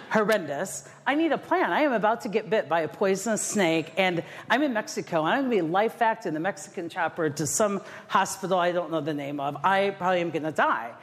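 A middle-aged woman giving a motivational keynote talk to a live audience, telling stories in an animated, self-mocking, dramatic way. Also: mid-range voice. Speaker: motivational speaker. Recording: echoey hall with faint noise.

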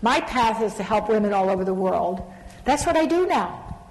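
A woman's voice: medium pitch, expressive, moderate pace. A middle-aged woman speaking on a stage panel about leadership, telling stories animatedly and laughing often. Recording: long reverb of a large hall.

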